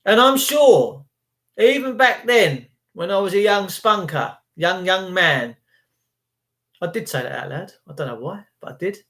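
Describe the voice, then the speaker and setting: A livestreaming vlogger in his fifties delivers a rambling, preachy, indignant rant as a casual monologue. His voice is high and fairly bright, with lively intonation and a slightly slow delivery.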